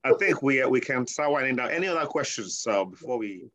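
A man's voice: medium pitch, animated, quick pace, a bit bright. A man moderating an online Q&A, hesitant and full of fillers as he wraps things up. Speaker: session moderator. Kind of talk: wrapping up a Q&A.

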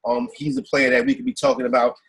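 A man's voice: medium pitch, monotone, quick pace, husky, poor audio. A man co-hosting a sports podcast, talking casually about football betting in a rambling way, often asking "you know what I'm saying". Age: adult with kids. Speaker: podcast co-host.

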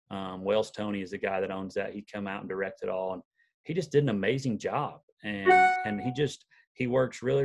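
Young male country singer, twang, lowish pitch, earnest folksy guest telling stories. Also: a little mellow. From Southern Illinois, USA. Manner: earnest, folksy, rambling storyteller. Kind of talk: casual podcast interview.

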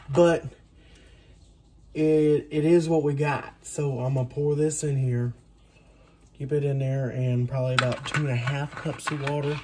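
A man's voice: on the high side, warm tone, slight background noise. A man cooking in his home kitchen, chatting in a rambling, self-deprecating way with plenty of asides. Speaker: home cook. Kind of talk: casual cooking vlog chat.

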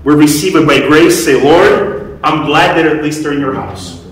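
Brief: male pastor, slightly high voice, chatty sermon, recorded from a distance in a very echoey hall. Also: normal speed. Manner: conversational preaching, asks the congregation questions. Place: church hall. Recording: echoey room, mic at a distance.

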